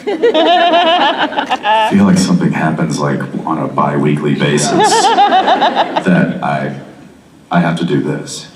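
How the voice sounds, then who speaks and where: A man's voice: low voice, slow, long pauses, a loud crowd. Laughing man telling a story. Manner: animated storyteller, laughs often. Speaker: convention panel guest. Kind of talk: telling an anecdote on stage. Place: convention hall stage. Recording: echoey hall, far from the mic, noisy.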